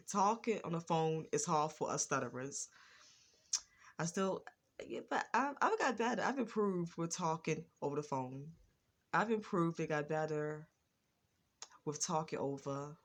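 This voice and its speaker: A woman vlogger talking slowly and carefully in a casual personal monologue, with a stutter and a lot of repetition. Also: low-pitched.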